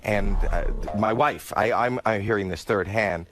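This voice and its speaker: A male comedian telling a comic story, dropping his voice low for quoted lines and squealing when excited. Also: measured pace, over music. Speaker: guest comedian.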